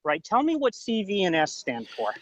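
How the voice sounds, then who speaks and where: A high-pitched man whose pitch swoops wildly speaks at a moderate pace, his tone fairly bright, in a rough recording with slight background noise. Defending a theory in a heated debate, he insistently interrogates his opponent with pointed questions, repeating "right?" to drive points home.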